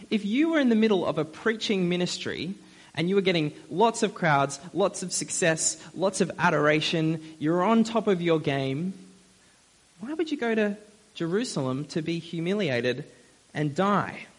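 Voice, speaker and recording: A young man preaching a sermon in a friendly, conversational way, with frequent fillers. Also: high voice.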